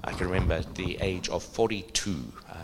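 A middle-aged man preaching a sermon, animated, asking the audience questions. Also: deep voice, fairly quick, background noise.

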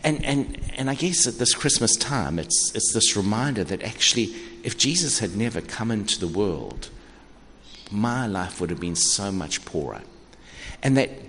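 An older man in his sixties delivers a sermon in a conversational, animated way, stumbling over repeated words as he thinks aloud. His low voice swings widely in pitch. The sound carries a long reverb from a large hall, with faint ambient noise underneath. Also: normal speed. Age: 60s. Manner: conversational, animated preaching with frequent restarts. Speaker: pastor.

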